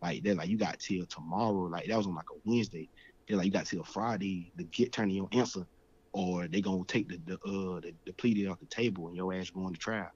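A man's voice: low-pitched, brisk, darkish tone. A young man in his twenties, a guest in an interview, telling his story in slangy, streetwise casual talk. The recording sounds dull and lo-fi.

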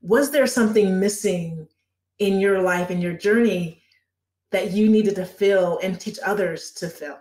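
A woman's voice: mid-range voice, a little slow, darkish tone. A woman hosting an interview who speaks reflectively, affirms her guest and asks probing questions. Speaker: podcast host. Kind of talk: interview conversation. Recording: echoey room.

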